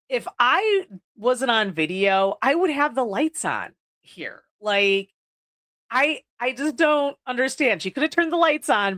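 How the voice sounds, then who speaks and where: This podcast host has a fairly high, fairly bright voice. She breezes through a horror movie recap, swearing without restraint and peppering every sentence with "like," while recording on video indoors.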